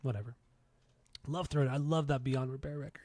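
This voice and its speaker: A man's voice: mid-range voice, steady tone, a little fast, darkish tone. A man in his forties from Southern California, hosting a podcast in a laid-back, chatty way. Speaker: podcast host. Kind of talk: casual podcast chat.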